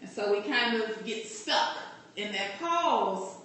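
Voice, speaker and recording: A woman's voice: mid-range voice, animated, slow, fairly bright tone. A woman life coach giving a direct, encouraging motivational talk to a group. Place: meeting room. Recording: echoey room, distant from mic.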